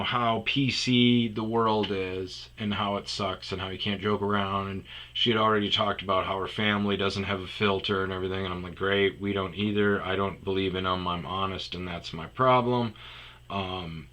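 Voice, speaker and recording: Man, low-pitched, bright forceful tone, rambling comic story with muttered whispers. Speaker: comedic storyteller. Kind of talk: rambling comedic monologue.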